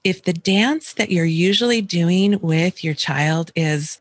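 Woman, middle-aged, calm parenting advice, mimics whiny kid lines, dry recording. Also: on the low side, slow, hardly any pauses, no echo. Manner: calm, acts out a child's complaints and soft replies. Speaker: homeschooling parent coach.

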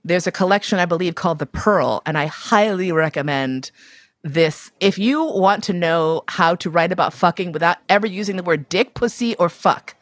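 A woman with a somewhat low voice recounts a personal story for an interviewer, blunt and profane, laughing as she goes. The sound is close and dry, with no room around it. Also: moderate pace, no echo. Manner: animated, profane, laughs often.

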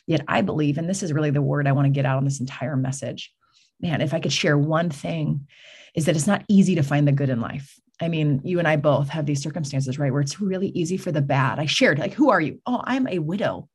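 A woman talks as a podcast guest, her voice low and breathy-husky. She tells stories with energy and slips into the voices of the people in them before turning to a message of faith. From California. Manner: animated storyteller, acts out quoted voices.

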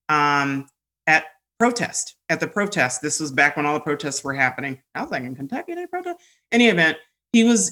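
A woman guest telling personal stories in candid conversation, animated, laughing often, with many fillers and restarts. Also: fairly low pitch.

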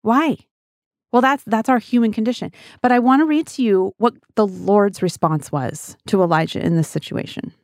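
Middle-aged woman, devotional Bible teacher, earnest and chatty, mid-pitched voice, dry close recording. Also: brisk, few pauses, darkish tone, dry recording. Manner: earnest, conversational, addresses listeners as guys.

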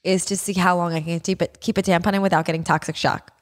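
A woman podcast co-host in casual banter, quick, crude and joking. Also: on the low side, steady tone.

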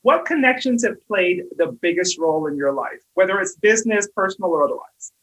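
Husky-voiced woman host. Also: on the low side, animated, a little fast, a bit bright, rough recording. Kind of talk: casual interview conversation.

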